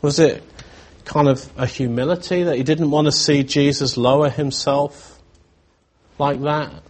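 A man preaching a sermon in a reflective, searching way, often pausing and restarting his thoughts. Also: on the high side, fairly even intonation.

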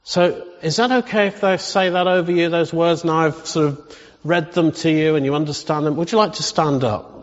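A man leading a congregation through a blessing and prayer, gentle and reassuring, slowing down for the prayers. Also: a little high, steady tone. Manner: gentle, reassuring, slows down for read-aloud prayers. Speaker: preacher. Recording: long hall reverb, dull sound.

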